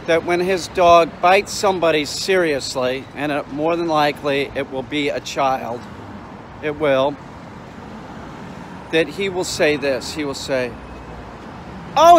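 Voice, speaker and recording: A man speaks in a slightly high voice, ranting bluntly about careless dog owners as he walks dogs outside. City traffic hums clearly behind him on the street. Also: a bit bright. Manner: blunt, ranting, swears freely. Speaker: dog trainer. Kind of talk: casual vlog rant while walking dogs.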